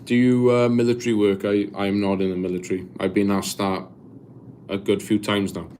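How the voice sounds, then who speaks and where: A Welsh man in his twenties chatting casually on a live stream, reading viewer comments aloud and answering in a halting, rambling way with lots of restarts. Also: on the low side, flat delivery, noisy background. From Wales. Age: 20s.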